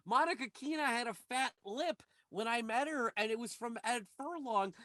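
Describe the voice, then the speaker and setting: A man's voice: very high voice, normal speed, crowd noise. A man co-hosting a podcast, talking casually, swearing freely and blurting out asides. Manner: profane, lively, blurts out asides. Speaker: podcast co-host. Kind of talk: casual chat.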